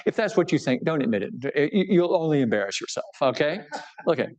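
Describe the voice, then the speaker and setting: Brisk and darkish in tone, his slightly high voice swings widely in pitch. The man, a bishop, gives an informal book talk to a live crowd, trading jokes at his own expense and checking in frequently with the audience.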